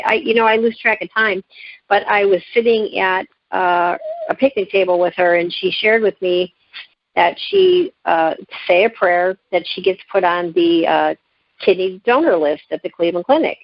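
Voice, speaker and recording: A woman guest in an interview, telling a personal story with lively, emotional delivery and frequent restarts. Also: on the low side, dry recording, dull audio. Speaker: guest, living kidney donor.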